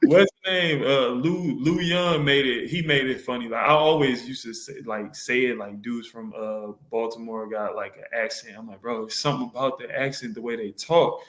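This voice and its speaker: A man's voice: mid-range voice, normal speed, few pauses, fairly bright tone, echoey room. A young man from Detroit with a Detroit accent, chatting casually on a podcast, laughing often and acting out quotes. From Detroit, USA. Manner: laid-back, laughs often, acts out quotes. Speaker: podcast host. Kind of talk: casual chat.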